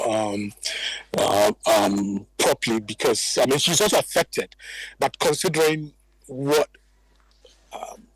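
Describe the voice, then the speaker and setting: A man, reporting live from a flooded neighborhood and gently interviewing residents. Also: mid-range voice, slightly rough, no echo, poor audio. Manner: calm, gentle interviewer who consoles guests. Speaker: field reporter. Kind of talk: live on-scene news report.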